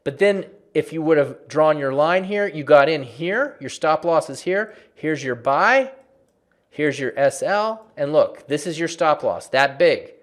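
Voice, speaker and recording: Man, slightly high voice, energetic, conversational, chart lesson, repeats for emphasis. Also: unhurried. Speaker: trading educator.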